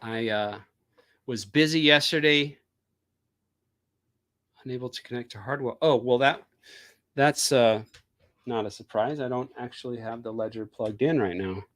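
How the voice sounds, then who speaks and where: A man's voice: mid-range voice, unhurried, pauses often, a bit bright. Chatty man hosting a live stream. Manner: chatty and rambling, with frequent fillers. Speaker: crypto live stream host. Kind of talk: casual live stream chat.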